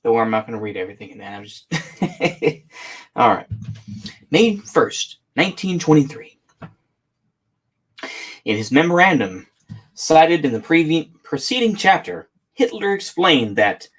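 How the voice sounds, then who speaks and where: Casual man reading a memoir aloud. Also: fairly high pitch. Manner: relaxed, halting, corrects his own misreadings. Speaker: audiobook reader.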